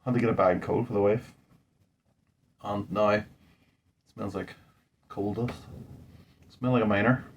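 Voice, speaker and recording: A man's voice: lowish voice, steady tone, measured pace, pauses often, slightly rough. A man, a home brewer, talking casually through a beer tasting in a rambling, thinking-aloud way, indoors at home. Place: indoors at home under a ring light.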